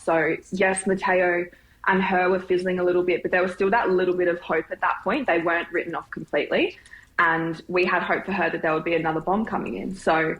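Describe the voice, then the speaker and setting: A woman guest in a casual interview, chatty and relaxed, laughing easily. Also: fairly low pitch, dull audio. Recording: echoey remote room.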